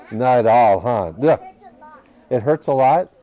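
A man's voice: medium pitch, dark tone. A man reading a picture book to children at a library, patiently asking the children questions as he goes. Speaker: library storytime reader.

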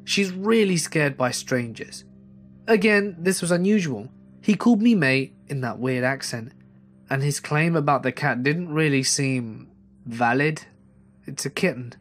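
A man reading a first-person horror story aloud in a measured storytelling delivery. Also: a little high, expressive. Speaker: narrator. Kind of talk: scripted horror story narration. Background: faint music.

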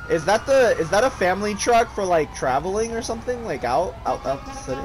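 A young man casually commentating a multiplayer game with friends, loud and excitable, swearing often and breaking into shrieking laughs. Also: sits high, normal speed, soft background music. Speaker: gaming streamer.

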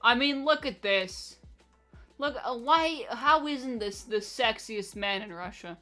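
A woman's voice: fairly high pitch, measured pace, pushed and bright, soft background music. A woman live streamer chatting casually with her viewers, blunt and profane, with a constant "like" in her speech. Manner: profane, blunt and teasing, with a lot of filler "like".

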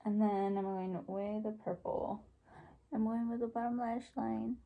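A woman's voice: mid-range voice, completely flat delivery, unhurried, gravelly, phone-quality sound. A young woman, chatting casually through a makeup tutorial and mixing in Spanish words and casual swearing. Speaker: beauty vlogger.

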